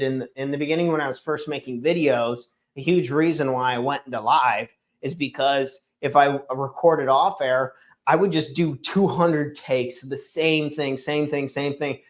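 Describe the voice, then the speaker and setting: A man hosting a daily morning livestream, talking casually and earnestly, often restarting and correcting himself. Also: medium pitch. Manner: rambling, self-correcting, earnest. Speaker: host of a daily morning show. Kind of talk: casual solo livestream talk. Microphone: streaming setup microphone.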